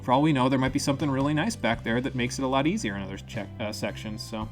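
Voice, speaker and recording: A man's voice: mid-range voice, quick pace, soft background music. A man live-streaming a video game, chatting casually and thinking aloud, with the occasional curse. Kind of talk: live gameplay commentary.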